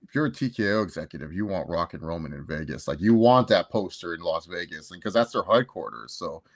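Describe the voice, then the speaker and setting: A man's voice: low voice, lively intonation, fast, vocal fry. A man co-hosting a casual wrestling review, rambling and laughing as he acts out quotes. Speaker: co-host.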